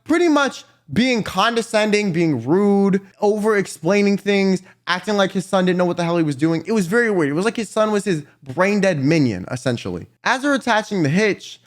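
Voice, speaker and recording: Animated high-voiced young man telling a story. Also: fairly quick, few pauses. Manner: animated, profane, exaggerated storytelling. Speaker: YouTuber. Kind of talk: storytime vlog.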